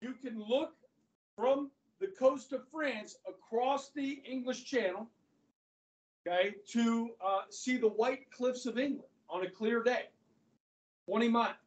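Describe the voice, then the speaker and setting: Male history teacher, high voice, animated classroom lecture, echoey room recorded from afar. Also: a little slow, far from the mic. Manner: animated storytelling, addresses students as guys.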